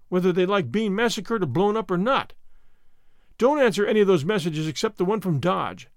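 A man voicing an excitable, exasperated male war correspondent in a storybook reading. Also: sits high, dry recording, studio quality.

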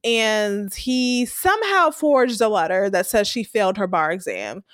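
A woman's voice: medium pitch, sing-song, measured pace, fairly bright tone, dry recording. A woman co-hosting a podcast, casually recapping a TV episode and animatedly acting out the characters' lines. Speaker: podcast co-host.

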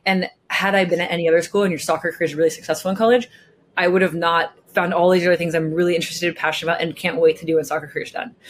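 A woman's voice: fairly low pitch, little pitch movement, very fast, slight background noise. A young woman from California, a guest telling her story in a casual chat, bubbly and full of filler words. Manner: bubbly, lots of filler words, acts out quotes. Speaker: guest, professional soccer player.

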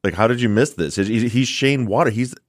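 A man co-hosting a podcast, telling a story in casual chat, swearing freely and acting out his own shouting. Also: mid-range voice, fairly quick, dry recording, clean studio sound. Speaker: podcast co-host.

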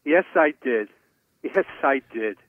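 A man's voice: medium pitch, lively intonation, slow, no room sound. A man co-hosting a sports talk show with casual, wry asides. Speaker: sports radio co-host. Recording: tinny phone-line sound.

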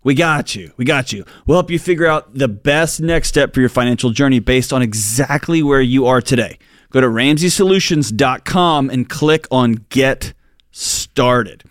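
A man's voice: mid-range voice, moderate pace, no echo, clean studio sound. A man co-hosting a money advice show, talking earnestly and colloquially with listeners. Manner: earnest, colloquial, uses y'all. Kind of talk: casual radio advice talk.

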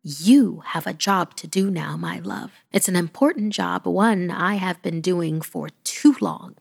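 A woman voicing a stern but loving old grandmother who speaks slowly and in a half whisper. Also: lowish voice, creaky, breathy edge, full character voice. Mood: solemn. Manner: hushed, half-whispered, slow and solemn. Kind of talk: horror story reading.

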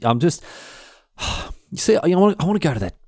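A sly, fawning male schemer with an Australian accent , put on by a man, who wheedles in a hushed, stammering voice. The voice sits a little lower and much quieter than the narrator's own, and the sound is dry and close. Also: big pitch swings, a little fast, no echo. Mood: pleading.

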